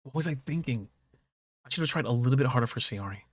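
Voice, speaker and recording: Excitable, cursing male game streamer. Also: mid-range voice, fast talker, no echo. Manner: excitable, profane outbursts between readings. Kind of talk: game playthrough, reading dialogue aloud.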